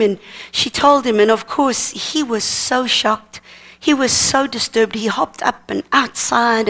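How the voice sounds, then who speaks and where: A woman's voice: fairly high pitch, fairly bright tone. A woman, preaching and telling an emotional story with quoted dialogue at a seminar. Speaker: minister teaching at a seminar. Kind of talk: sermon testimony storytelling.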